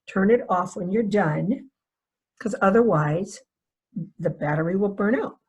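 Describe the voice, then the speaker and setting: Husky-voiced woman giving a webinar talk. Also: medium pitch, darkish tone. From North Dakota, USA. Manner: conversational, asks rhetorical "right?" questions; storytelling with personal anecdotes. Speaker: foster care trainer.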